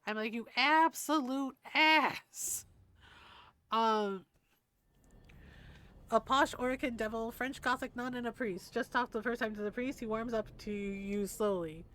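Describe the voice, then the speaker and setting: A woman's voice: fairly high pitch, fairly even intonation, brisk, few pauses, fairly bright tone. A young adult woman streaming a video game, chatting casually, teasing and laughing often. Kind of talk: casual gameplay commentary.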